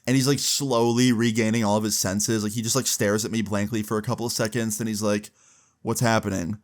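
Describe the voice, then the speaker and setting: Animated young man telling a story. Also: fairly low pitch, fast talker. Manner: animated, casual, swears freely. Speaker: vlogger. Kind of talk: storytime vlog.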